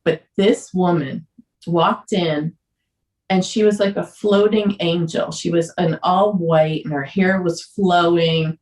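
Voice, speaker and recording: A woman podcast guest candidly telling a personal story, earnest and emotional, sometimes halting. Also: fairly low pitch, steady tone, darkish tone, distant mic. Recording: roomy echo.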